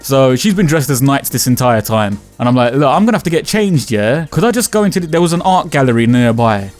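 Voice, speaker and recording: A man's voice: mid-range voice, a little fast, soft background music. A man telling a story casually, swearing and slipping into slang as he acts out what people said. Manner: animated, swears freely, slangy, acts out quotes.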